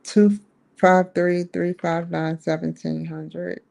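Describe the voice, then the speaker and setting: A woman on a phone call with tech support, talking hesitantly and spelling things out slowly. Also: fairly low pitch, level tone, gravelly, mellow.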